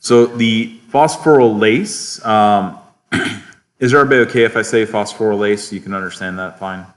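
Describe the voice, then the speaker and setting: A man with a very low voice teaches a biochemistry class in a lecture hall. He talks in a relaxed way, often stops to ask the students if they follow, and chuckles at his own asides. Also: moderate pace.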